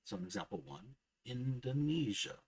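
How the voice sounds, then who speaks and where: Male narrator for a grammar lesson: husky, mid-pitched, careful and precise. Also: lively intonation, low-quality recording. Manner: measured, precise, enunciates example words slowly. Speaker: language teacher.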